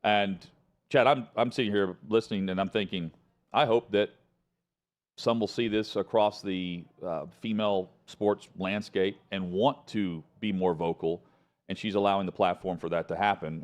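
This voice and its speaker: A man hosting a sports talk show, chatting in a relaxed, conversational way. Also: low-pitched, moderate pace. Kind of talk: casual talk show chat.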